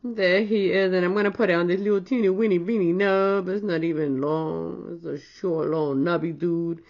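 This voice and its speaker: A woman's voice: on the low side, steady tone, moderate pace, lo-fi sound. A woman chatting casually with viewers while demonstrating nail stamping, playful and full of slang. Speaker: nail art vlogger. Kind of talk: casual demo chat.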